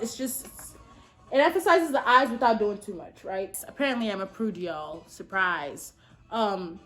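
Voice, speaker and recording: While applying makeup at home, a beauty vlogger in her twenties shares a story about dating. Her tone is sassy and lively, punctuated by sudden loud, high-pitched bursts.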